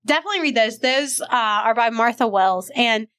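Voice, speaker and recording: A woman's voice: on the high side, expressive, normal speed, a bit bright, clear, resonant tone. A woman hosting a library podcast, chatting casually and enthusiastically about books, laughing often. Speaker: podcast host. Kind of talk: casual book chat.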